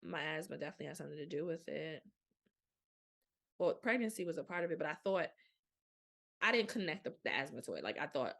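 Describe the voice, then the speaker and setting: Podcast host, young woman, low gravelly voice, blunt and animated. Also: fast talker, long pauses. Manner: frank, animated storytelling with colloquial speech. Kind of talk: candid casual monologue.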